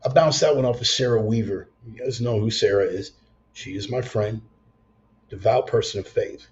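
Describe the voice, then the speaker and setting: A man's voice: on the low side, normal speed. A man preaching a raw, profane storytelling sermon, blunt and intense. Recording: slightly dull lo-fi sound.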